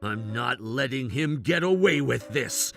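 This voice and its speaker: A man's voice: mid-range voice, expressive, measured pace, creaky, faint music behind. A man voicing a patient father, talking in a restrained, earnest way with simmering frustration. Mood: resolved. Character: patient father taking his daughter to dinner. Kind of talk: animated story voice acting.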